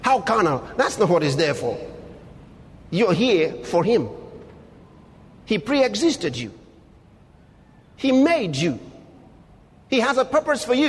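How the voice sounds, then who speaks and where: Emphatic high-voiced male preacher, reverberant hall. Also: breathy edge. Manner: emphatic, rhetorical, swings between low asides and loud exclamations. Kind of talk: sermon.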